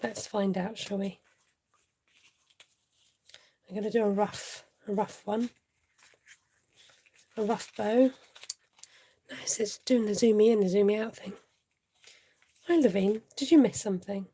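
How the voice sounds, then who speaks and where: A woman's voice: medium pitch, normal speed, long pauses, mellow, a little hiss or hum. Chatty woman hosting a crafting demo. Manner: chatty, thinks aloud, greets viewers, often laughs. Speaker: crafting tutorial host. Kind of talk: casual live-stream craft demo.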